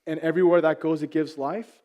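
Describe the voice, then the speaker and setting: A man's voice: on the high side, steady tone, fairly quick, darkish tone. A man in his thirties preaching a sermon as a pastor, telling family stories with self-deprecating humor before turning earnest.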